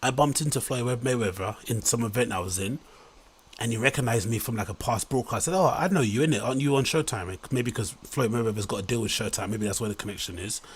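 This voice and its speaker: A man's voice: fairly low pitch, fast talker, breathy edge. A man, hosting a rambling reaction commentary in an incredulous, mock-enthusiastic way. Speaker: commentary host.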